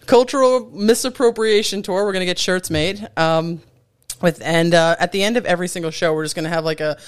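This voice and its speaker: Jokey podcast host with a smooth voice. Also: male voice, high-pitched, fairly quick, no room sound. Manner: jokey, tries silly put-on English accents. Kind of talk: casual podcast chat.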